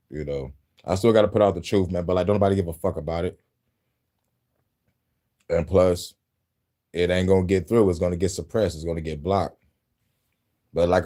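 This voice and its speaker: A man's voice: low voice, dark tone. A man talking casually to his viewers, frustrated and profane, laughing often. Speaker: YouTuber.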